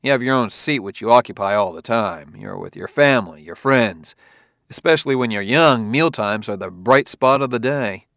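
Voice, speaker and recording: A man's voice: on the low side, animated, moderate pace, gravelly, fairly bright tone, no room sound, studio quality. A man reading the part of an uneasy male detective, plain and a little wry, in an audiobook. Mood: reflective.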